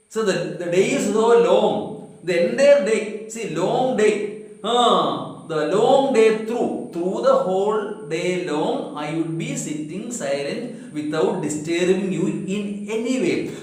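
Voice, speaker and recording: Slow, high-voiced teacher. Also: male voice, lively intonation, heavy reverb, poor audio. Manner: repeats and paraphrases words slowly, spells them out. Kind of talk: explaining a poem line by line.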